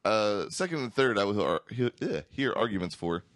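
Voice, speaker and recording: A man's voice: lowish voice, big pitch swings, normal speed, fairly bright tone, dry recording, studio quality. A man in a casual chat with friends, blunt and profane, often laughing.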